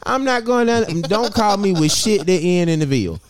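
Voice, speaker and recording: A man's voice: high-pitched, normal speed, no room sound. Profane man hosting a podcast. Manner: profane, laughing, animated storytelling. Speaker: podcast host. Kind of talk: casual chat.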